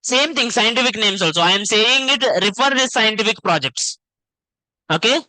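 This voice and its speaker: Guy teaching coding online, bright sharp voice, short repeated phrases, keeps saying okay? right?. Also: high voice, expressive, normal speed, dry recording, poor audio. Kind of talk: online web coding class.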